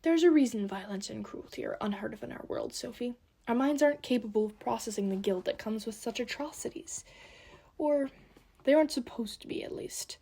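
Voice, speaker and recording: A woman voicing a gentle, grieving elf father who speaks softly and sighs. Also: on the high side, fairly quick, husky. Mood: somber. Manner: soft and heavy, often sighing.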